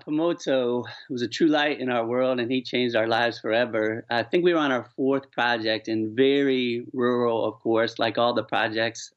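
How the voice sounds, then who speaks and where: A man telling stories earnestly and with animation as an author guest on a radio interview. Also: mid-range voice. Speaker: author and charity founder, guest. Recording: dull lo-fi sound.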